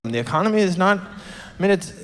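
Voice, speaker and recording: A man doing a stand-up comedy set on a club stage, deadpan and self-deprecating, slipping into mock quotes. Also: sits high, fairly quick. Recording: club stage with long reverb, faint noise.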